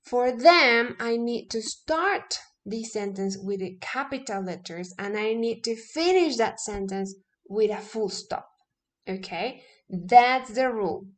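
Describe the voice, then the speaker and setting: Lively woman teacher checking in often. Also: fairly high pitch, slow. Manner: lively, stresses key words, many "okay?" checks. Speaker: English teacher. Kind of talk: casual classroom lesson.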